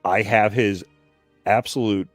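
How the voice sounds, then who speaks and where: Male stream co-host, low voice, anecdotal and amused. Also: fairly even intonation, measured pace, no room sound, soft background music. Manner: storytelling, chuckling at his own points. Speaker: livestream co-host. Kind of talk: casual chat.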